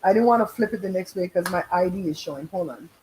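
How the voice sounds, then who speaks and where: A middle-aged woman hosting a casual livestream, telling animated stories with voiced quotes and casual swearing. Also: fairly low pitch, fast, slight background noise, rough recording. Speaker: livestream host. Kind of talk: casual live chat.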